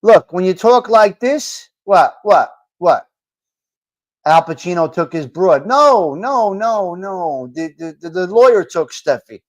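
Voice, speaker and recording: A man's voice: high voice, animated, slow. A man with a New York accent hosting a live talk show, rambling and repeating himself with some swearing. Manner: rambling and repetitive, profane. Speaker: host.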